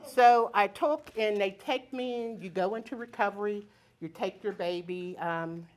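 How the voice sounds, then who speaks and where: Older woman telling a lively story. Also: medium pitch. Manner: lively, chuckling, plain-spoken. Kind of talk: personal storytelling before a live audience. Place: community center stage.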